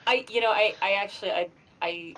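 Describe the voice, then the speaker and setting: A woman's voice: medium pitch, fairly quick, a bit bright. A woman from outside Chicago, a player at a tabletop game, who chats casually and keeps restarting her sentences with a stammer.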